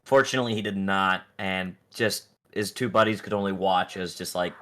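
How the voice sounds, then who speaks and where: A man's voice: deep voice, steady tone, normal speed, a bit bright. Talkative guy co-casting a match, lots of uhs, plays out little bits of dialogue. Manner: chatty, many uh fillers, acts out players' lines. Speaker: esports co-caster. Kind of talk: casual color commentary.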